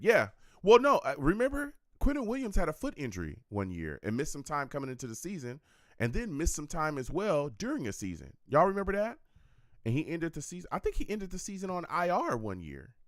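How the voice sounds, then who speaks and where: An excitable man hosting a live football draft reaction stream. His pitch jumps all over as he talks, and he keeps slipping into slangy, laughing banter. The sound is close and dry, with no room around it. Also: no room sound.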